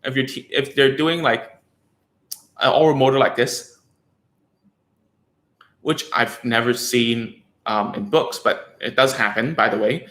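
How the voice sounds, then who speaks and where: Bright-voiced male speech therapist. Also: medium pitch, measured pace, long pauses, roomy sound. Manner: conversational, rambling with frequent fillers and tag questions. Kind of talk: casual educational talk to parents.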